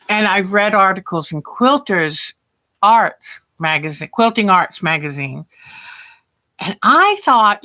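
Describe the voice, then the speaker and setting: A woman's voice: medium pitch, fairly bright tone. A woman hosting a quilting livestream, chatting casually and thinking aloud, often stopping herself mid-sentence to start over. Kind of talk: casual livestream chat and demonstration.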